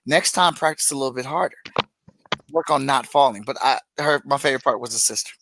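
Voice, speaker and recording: A man co-hosting a casual podcast chat, blunt and jokey, with sudden bursts of excitement. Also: medium pitch, fairly quick, background noise. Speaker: podcast co-host.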